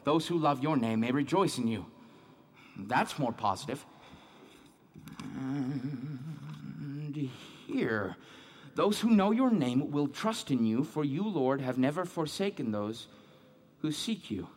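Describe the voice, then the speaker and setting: In this dramatic monologue, an actor portrays a devout, troubled man reading scripture by himself and questioning his own faith and guilt with searching self-doubt. His mid-range voice is expressive, slightly rough, and exaggerated, delivered slowly with frequent pauses.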